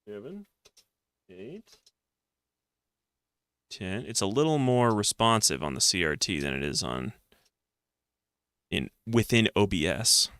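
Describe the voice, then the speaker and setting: A man's voice: fairly low pitch, expressive, slow, pauses often, a bit bright, smooth, no echo, clean studio sound. A man streaming a retro adventure game, reading its text aloud and mocking himself with jokey outbursts.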